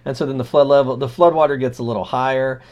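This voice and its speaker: A man co-hosting a casual podcast chat, telling stories with animated, sardonic and irreverent energy. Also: mid-range voice, fast, muffled recording. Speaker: podcast co-host.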